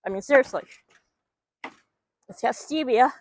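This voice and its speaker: A woman's voice: on the high side, expressive, measured pace, slight background noise. A woman keeping backyard chickens, chatting casually and rambling while she talks to her hens outdoors on a microphone. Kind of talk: casual vlog chat.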